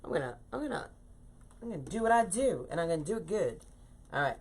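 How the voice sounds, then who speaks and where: Fast and sing-song, this woman's voice sits on the low side, with a darkish tone and a breathy edge. She hosts a live wreath-making tutorial at her home craft table, chatting, laughing at herself, and reading out viewer comments.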